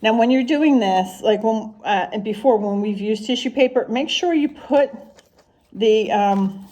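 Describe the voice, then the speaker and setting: A woman teaching preschool, reading a picture book aloud in a gentle, sing-song storybook manner and asking the little ones simple questions. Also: on the high side, measured pace.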